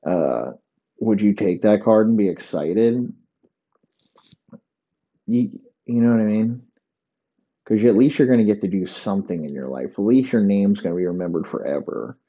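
A man's voice: fairly low pitch, moderate pace, long pauses, muffled recording. A man hosting a solo comedy podcast, rambling and provocative, swearing constantly. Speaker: podcast host.

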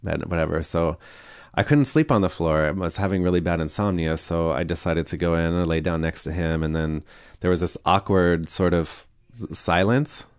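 A man's voice: low voice, moderate pace, clean tone, dry recording, studio quality. A man talking as a podcast guest, telling a personal story candidly and acting out what people said, with nervous laughs. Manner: frank, uses quoted dialogue and nervous laughs.

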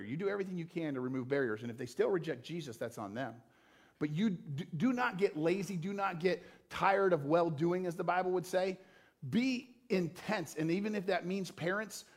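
A man preaching into a stage mic in a church. His voice sits a bit high for a man and carries a gritty, crackling fry. He moves between soft, earnest talk and loud, impassioned peaks. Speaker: pastor. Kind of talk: sermon. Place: church auditorium.

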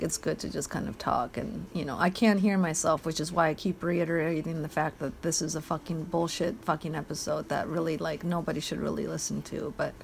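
A woman's voice: low voice, gravelly, a little hiss or hum. A woman hosting a solo podcast, rambling bluntly and swearing a lot as she eats. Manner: eating while talking. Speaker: podcast host.

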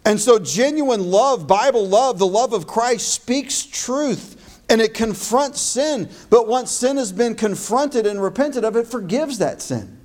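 A man with a high voice preaches a sermon. His delivery is emphatic, and he slows and stresses his key phrases. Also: lively intonation, a little mellow. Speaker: pastor.

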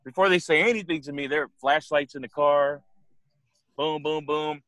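A young man co-hosting a casual podcast, telling a story in an animated, profane way and acting out the other people's voices. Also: a little high, normal speed, no room sound.

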